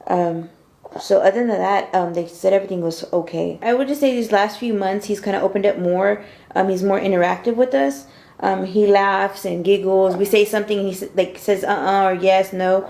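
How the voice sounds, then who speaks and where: Soft-spoken woman, lots of ums, echoey room. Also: mid-range voice, fairly quick, vocal fry. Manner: soft-spoken, many "um"s, laughs often. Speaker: mother of the child. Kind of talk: casual interview answers.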